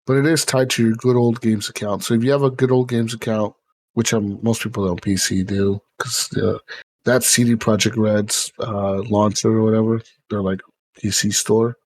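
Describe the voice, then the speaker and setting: A man's voice: lowish voice, little pitch movement, normal speed, a little mellow. A man hosting a podcast in casual chat, rambling with lots of fillers and swearing. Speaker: podcast host.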